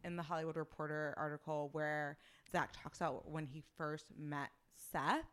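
Woman on a gossip podcast, kinda low voice, says like a lot, kinda snarky. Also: fairly even intonation, moderate pace, a bit bright. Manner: chatty, many "like" fillers, sarcastic. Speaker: podcast co-host. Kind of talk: casual gossip chat.

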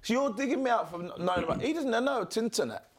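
A man in loose podcast banter, his pitch swinging widely as he gets worked up. He swears freely and keeps slipping into quick mock voices. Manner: sweary, animated, jumps between impressions. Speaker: podcast co-host.

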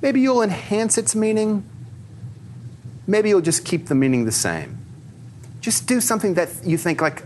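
A man giving a lively, conversational talk to a live audience, peppering his speech with fillers and questions for the crowd. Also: high-pitched, normal speed, pauses often, slight background noise.

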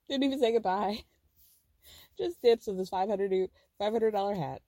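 A woman hosting a podcast, recapping reality TV in a chatty, giggly, animated way. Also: medium pitch, normal speed, no echo. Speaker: podcast host.

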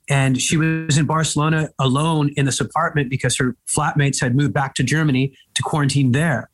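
A man from Egypt, a comedian, telling lively anecdotes in an interview with quick asides. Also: on the high side. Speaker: comedian guest. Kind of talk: storytelling interview chat.

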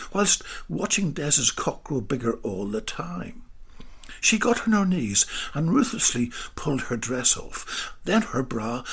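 A man narrating a story slowly, dropping into whispered asides. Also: fairly high pitch, gravelly, husky. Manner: slow, drawn-out delivery with whispered asides.

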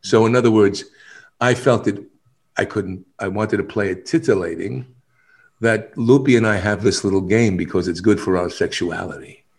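A man, an actor, telling stories in a casual interview, animated, often laughing and acting out other people's lines. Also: fairly low pitch, normal speed.

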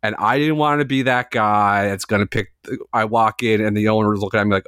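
A man's voice: on the low side, steady tone, fairly quick, few pauses, fairly bright tone, clear, resonant tone, no room sound, studio quality. A man in his forties, a podcast co-host telling a long, self-mocking story in a casual chat, with filler words and the odd swear. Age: 40s.

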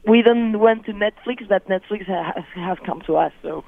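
A woman from Spain with a Spanish accent, a native Spanish speaker, guesting on a radio interview and speaking halting English with many restarts as she searches for words. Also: medium pitch, creaky, phone-quality sound.

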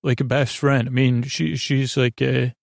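A man hosting a sleepy bedtime podcast, rambling through an episode recap in an unhurried way with lots of fillers. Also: mid-range voice, level tone, vocal fry, no echo, studio quality. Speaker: podcast host.

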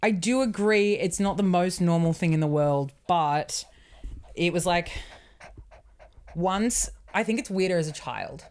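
Low-voiced Australian woman, frank casual chat. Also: unhurried, darkish tone. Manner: frank, swears freely, laughs often. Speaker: podcast co-host.

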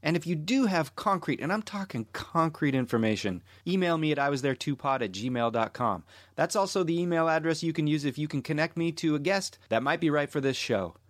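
Male podcast host, playful, fairly high voice, dry close sound. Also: lively intonation, brisk, no room sound. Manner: playful, geeky. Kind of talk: casual podcast chat and sign-off.

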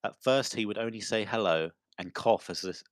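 Low-voiced man reading aloud, giggly. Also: moderate pace, dry recording, clean studio sound. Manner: giggly, breaks into loud laughter while reading. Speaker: podcast co-host. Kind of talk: casual chat, reading a news story aloud.

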